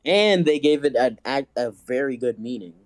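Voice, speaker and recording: A man's voice: mid-range voice, animated, moderate pace, dry recording. A man in a casual group chat, arguing and teasing the others. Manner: argumentative, teasing.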